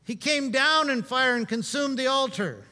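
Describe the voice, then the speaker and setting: A man preaching a sermon in a conversational, humorous way, swinging between loud and hushed. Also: very high voice, lively intonation, normal speed, in a large hall.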